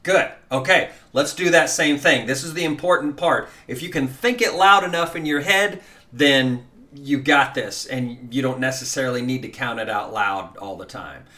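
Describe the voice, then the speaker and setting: At a moderate pace, a man with a medium-pitched, bright and forceful voice teaches guitar step by step. He counts beats out loud and offers laid-back encouragement, peppered with many fillers.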